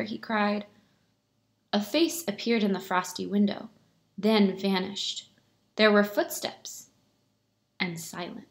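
A woman teacher reading a picture book aloud to her pupils, in a clear storytelling manner. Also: mid-range voice, fairly even intonation, slow, long pauses.

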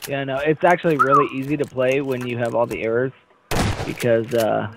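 A man's voice: medium pitch, steady tone, brisk, vocal fry, background noise. A young man chatting casually during an online game, dry and coaxing. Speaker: gamer. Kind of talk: casual gaming chat.

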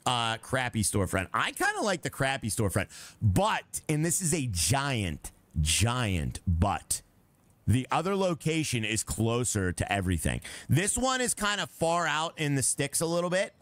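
A man's voice: mid-range voice, wildly swooping pitch, measured pace, fairly bright tone, dry recording. A young man streaming a game live, chatting casually, laughing often and reading out messages from his chat, with music playing behind him.

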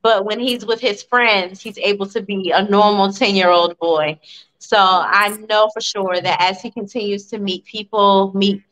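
A woman in her forties from Virginia, a podcast guest and mother, telling family stories in an animated, chatty interview. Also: medium pitch, moderate pace, poor audio. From Virginia, USA. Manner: animated, warm storytelling with laughs. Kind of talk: casual interview storytelling.

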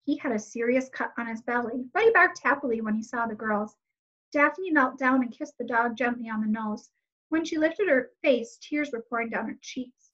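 A woman calmly reading a children's novel aloud. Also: a little high, moderate pace. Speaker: reader. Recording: slightly muffled lo-fi recording.

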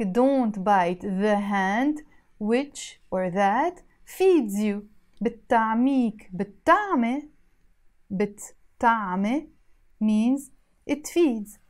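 A woman with a Lebanese accent runs a spoken language lesson. She talks at a middling pitch and patiently repeats each phrase, then breaks it down word by word. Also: a little mellow. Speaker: language teacher.

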